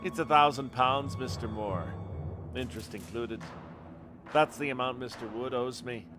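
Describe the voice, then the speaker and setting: A man voicing a menacing male mob boss in a put-on Irish accent, talking in a slow, cold, threatening drawl over game music. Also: medium pitch, natural voice. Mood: scornful. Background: background game music.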